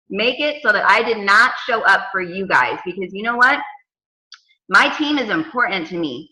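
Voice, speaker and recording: Bright, animated woman telling a story. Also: a little high, reverberant, poor audio. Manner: animated storytelling with dramatic quoted asides. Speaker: team coach. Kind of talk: casual team video call.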